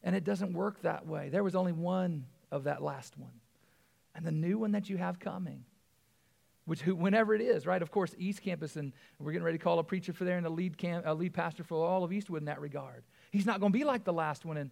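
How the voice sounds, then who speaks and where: Male pastor, 40s, conversational sermon, raised pitch, gravelly texture. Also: brisk, a little mellow. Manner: conversational preaching with frequent asides and repeated words.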